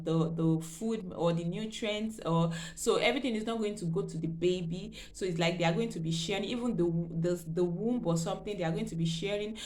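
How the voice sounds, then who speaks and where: A woman vlogger telling her own pregnancy story in a rambling, emotional way, full of fillers and repeats. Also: medium pitch. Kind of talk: personal storytelling.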